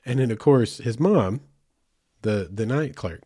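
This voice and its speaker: A man's voice: medium pitch, animated, a little slow, warm tone, husky, no echo, studio quality. A man hosting a podcast, telling a road trip story in a loose, chatty way with many fillers and asides. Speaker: podcast host. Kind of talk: casual storytelling.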